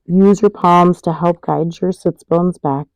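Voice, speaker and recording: A woman leads a yoga class, talking through each pose and breath at a very slow, calm pace. Her voice sits low and has a gravelly texture. The sound is close and dry. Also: dry recording. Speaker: yoga instructor. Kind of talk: guided yoga class instruction.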